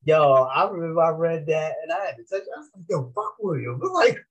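A man's voice: fairly high pitch, expressive, fairly quick, rough recording. A man from Massachusetts, a rapper guest, telling laid-back, slangy stories in a casual interview and laughing often.

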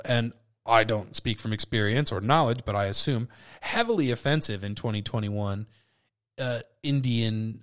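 A man's voice: medium pitch, fairly bright tone. A tipsy man hosting a solo podcast, rambling loosely and swearing, often cutting himself off. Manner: loose, profane, self-interrupting. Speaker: podcast host.

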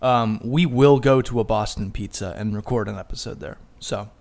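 A man's voice: fairly low pitch, normal speed, creaky, darkish tone. A man co-hosting a podcast, chatting casually with a teasing, laid-back manner and frequent laughter. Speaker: podcast co-host.

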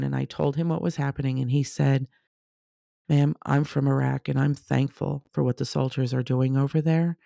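Low, gravelly woman telling a personal story. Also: dark tone, no room sound, clean studio sound. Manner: conversational, reenacts dialogue.

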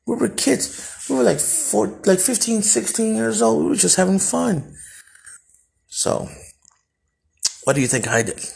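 A man's voice: sits high, expressive, measured pace, creaky, long pauses, a little mellow. A man from El Salvador hosting a podcast, telling a personal story bluntly and with profanity, often restarting his sentences. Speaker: podcast host.

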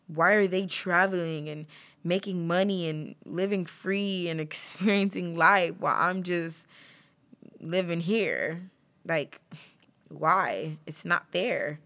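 A young woman talks candidly on her podcast in a fairly low voice, laughing lightly between phrases. Her delivery is confessional and personal. She speaks as a storyteller sharing her own experience. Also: bright, forceful tone. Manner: candid, confessional, laughs often mid-sentence. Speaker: podcast host.

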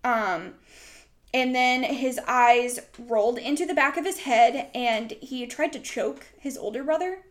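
Speaking a little slowly in a slightly high voice, a young female podcast host recounts a story at length in casual chat. Her telling wanders and loops back, packed with "like"s and "um"s.

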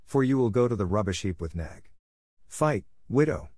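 A man's voice: lowish voice, lively intonation, moderate pace, darkish tone, no room sound, clean studio sound. A man playing a bold, defiant young mongoose. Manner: eager, defiant and triumphant. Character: brave young male mongoose, bold and fierce.

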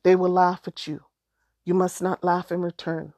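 A woman voicing a mysterious old woman who calmly gives advice in a storybook. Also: on the low side, moderate pace, no room sound, clean studio sound. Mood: grave.

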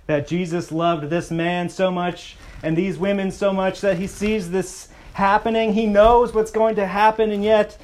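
Pastor guy giving a sermon, bit high voice, slows down and goes quiet for emphasis. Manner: expressive preaching, slows and softens for emphasis.

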